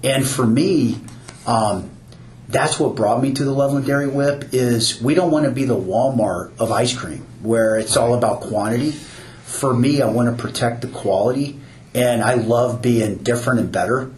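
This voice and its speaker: A man speaks in a mid-range, darkish voice at a moderate pace, with slight background noise in a roomy space with faint ambience. He's the new owner of an ice cream stand, talking earnestly in a casual podcast chat and often repeating words as he starts sentences.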